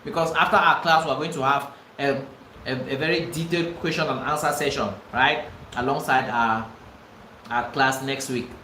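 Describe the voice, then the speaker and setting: A man's voice: mid-range voice, fairly even intonation, normal speed, bright, forceful tone, echoey room, a little hiss or hum, poor audio. A man with a Cameroonian English accent teaching a live online real estate class, emphatic and repeating himself for stress. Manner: emphatic, repeats phrases, pleading asides.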